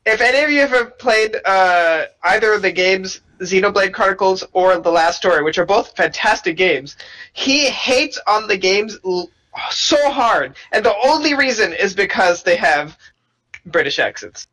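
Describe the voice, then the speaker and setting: A man teases his co-host in a casual podcast chat. His voice is bright and sharp-edged, and he tells the story with animated emphasis. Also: sits high, normal speed, rough recording.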